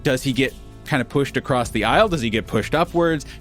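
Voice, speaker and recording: A man acting as game master for a tabletop role-playing game, animated and often laughing. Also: mid-range voice, a little fast, soft background music.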